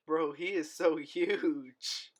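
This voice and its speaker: A man's voice: on the high side, fairly even intonation, very slow. A young man hosting a casual podcast, talking to listeners in a laid-back, slangy way. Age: young adult. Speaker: podcast host.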